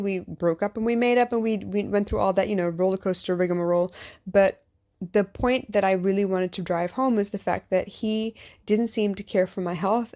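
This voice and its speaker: A woman's voice: mid-range voice, darkish tone. A woman hosting a podcast as a life coach, talking in a candid, conversational monologue at three in the morning, a little tired and sharing personal stories. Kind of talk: casual late-night podcast monologue. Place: living in Singapore.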